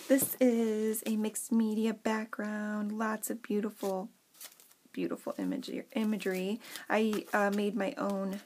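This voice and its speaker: A woman's voice: medium pitch, animated, unhurried, a little mellow, slight background noise. A young adult woman casually showing her craft journal and reading its fairy story aloud with dramatic flair. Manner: reads story passages with dramatic flair, chatty asides.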